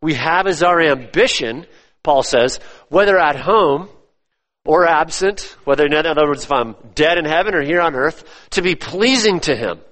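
A man preaching a sermon, emphatic, repeating his phrases and swinging between loud stresses and hushed drops. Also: a little high, expressive, normal speed. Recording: long reverb of a church hall.

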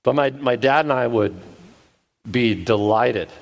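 A man's voice: medium pitch, measured pace, vocal fry. A man preaching an expository sermon at his church, conversational and self-deprecating, with frequent restarts. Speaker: pastor.

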